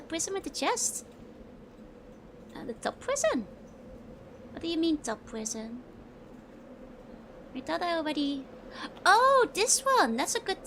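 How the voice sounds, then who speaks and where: A young woman from the Netherlands with a clear Dutch accent, streaming a game. Her voice sits high, and she chats loosely with viewers and giggles often between remarks. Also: slight background noise. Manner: giggly, chatty, answering chat while playing. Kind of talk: casual game-stream chat.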